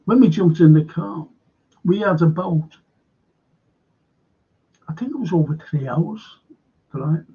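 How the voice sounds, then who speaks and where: Slow, gravelly man telling stories. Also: a little high, expressive, phone-quality sound. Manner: halting, meandering, repeats words for emphasis. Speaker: host of a live-streamed current affairs show. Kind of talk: casual rambling storytelling to viewers.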